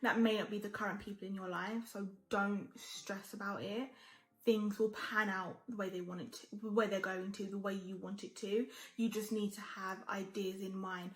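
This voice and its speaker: Speaking at a moderate pace with a steady tone, a woman in her twenties offers blunt, emphatic advice and curses freely during a casual get-ready-with-me chat. She is a lifestyle vlogger with a mid-range voice, and the recording is reverberant.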